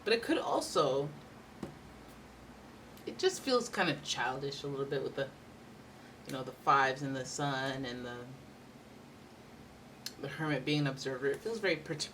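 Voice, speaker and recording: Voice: mid-range voice, moderate pace, long pauses, fairly bright tone, distant mic, a little hiss or hum. A tarot reader giving a casual, rambling reading with playful asides.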